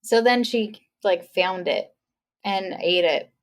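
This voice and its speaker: Speaking slowly in a mid-range voice, this woman co-hosts a podcast where she chats casually through a movie recap. She narrates in an animated way, performing the characters' lines in playful voices.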